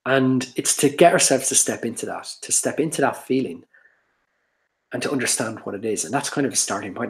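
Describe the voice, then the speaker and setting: A man's voice: on the low side, creaky. A man giving an earnest, explanatory workshop talk on social anxiety, often restarting his sentences.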